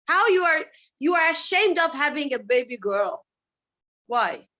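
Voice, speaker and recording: A woman's voice: sits high, sing-song, unhurried, sharp tone. A woman speaking at a summit, telling personal stories with passion and firing off rhetorical questions. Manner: impassioned, asks many rhetorical questions. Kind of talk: personal storytelling speech. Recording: dull lo-fi recording.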